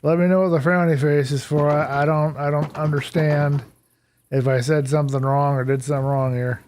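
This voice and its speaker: A man with a slightly higher voice chats through a live game stream. He thinks aloud, stumbles over plans and laughs at his own mistakes in an easy, casual way. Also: fairly even intonation, fairly quick, darkish tone, a little hiss or hum. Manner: chatty, thinks aloud, self-deprecating.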